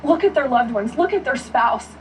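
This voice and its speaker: A woman's voice: high voice, animated, moderate pace, a little mellow, a little hiss or hum. A woman pleading tearfully as a guest in a televised news interview. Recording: distant television broadcast audio.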